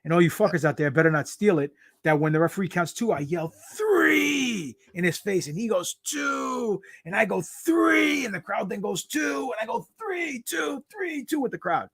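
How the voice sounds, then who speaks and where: Profane, animated wrestler with a high voice. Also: male voice, fast, hardly any pauses, slightly rough, no echo. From United States. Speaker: professional wrestler guest. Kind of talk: casual storytelling interview.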